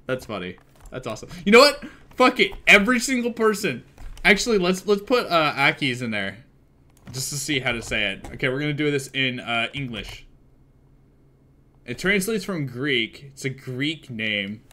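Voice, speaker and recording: A young man streaming a game live and chatting casually, excitable and swearing freely as he thinks aloud. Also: medium pitch, normal speed.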